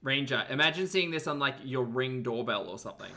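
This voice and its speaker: A woman's voice: extremely low pitch, a little fast, a little hiss or hum. A woman hosting a livestream, chatting casually, laughing often and thanking viewers. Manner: giggly, animated, thanks super chats. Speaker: livestream host.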